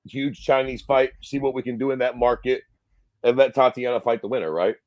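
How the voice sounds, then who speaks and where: A man's voice: medium pitch, steady tone, a little fast, a little mellow, dry recording, dull audio. Blunt, profane man with a dry sound. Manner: blunt, profane and crudely joking. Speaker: podcast co-host. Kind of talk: casual podcast chat.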